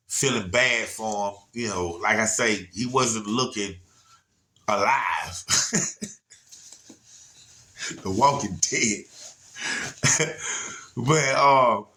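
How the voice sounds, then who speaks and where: A man, telling a story in a slightly low voice. He rambles in a laid-back way, circling back and checking in with his listeners. It is casual, unscripted storytelling. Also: drawn-out words, pauses often, bright, forceful tone. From Atlanta area, USA. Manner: rambling, laid-back, frequent "you know what I'm saying".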